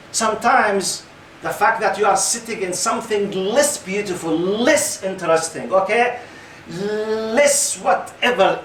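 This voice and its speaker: A man's voice: sits high, fairly bright tone, a little hiss or hum. A man in his fifties giving an Islamic lecture to young listeners, often putting questions to the audience. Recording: roomy hall, mic at a distance.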